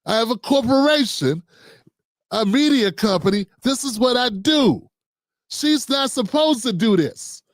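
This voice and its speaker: High-pitched male commentator, fired-up ranter, dry close sound. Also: a little slow, no echo. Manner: animated, exasperated rants with swearing. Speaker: political commentary streamer. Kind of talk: reaction commentary on news clips.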